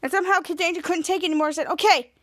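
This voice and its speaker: A woman's voice: very high voice, steady tone, racing, bright, forceful tone. A woman podcast host casually recapping a TV episode, rambling with frequent restarts.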